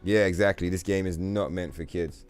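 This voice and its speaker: Deep-voiced profane male streamer. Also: fairly even intonation, moderate pace, darkish tone, clear, resonant tone, faint music behind. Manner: profane, rambling, laughing. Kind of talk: casual gaming livestream chat.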